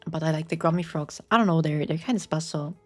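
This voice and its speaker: A woman's voice: sits low, a little mellow, soft background music. A woman with a slight German accent, streaming casually and chatting with viewers in a playful, rambling way. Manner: playful, rambling, answers chat with quick squeals and laughs. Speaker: VTuber streamer. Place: home apartment.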